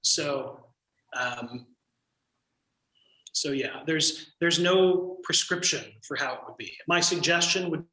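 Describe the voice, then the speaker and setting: A man leading a church training session, explaining procedure in a measured, thoughtful way with frequent pauses. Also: a little high, sharp tone, roomy sound, poor audio.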